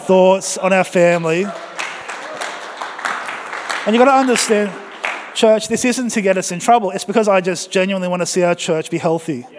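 A man preaching a sermon as pastor, energetic and joking as he exhorts the congregation in church. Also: high voice, big-room sound.

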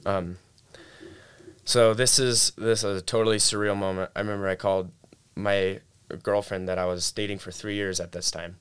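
A young man tells a personal story as a guest in casual conversation, keeping it laid-back and often saying "like" and "dude." His lowish voice has a level tone, a normal speed, and a clean sound.

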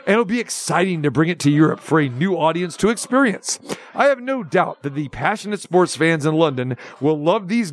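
A man hosting a sports radio show, ranting with sarcastic mock questions in an animated, opinionated way. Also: a little high.

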